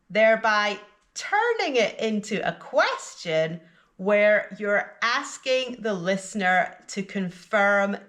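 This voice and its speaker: Slow, deliberate woman teaching English. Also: mid-range voice, fairly bright tone. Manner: slow and deliberate, with exaggerated intonation in examples. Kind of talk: slow scripted lesson narration.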